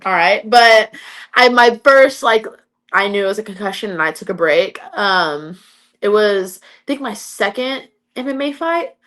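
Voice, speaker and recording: Young woman, MMA fighter, chatty guest, storytelling, medium pitch. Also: animated, unhurried, a bit bright. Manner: chatty, full of "like" fillers. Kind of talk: casual interview storytelling.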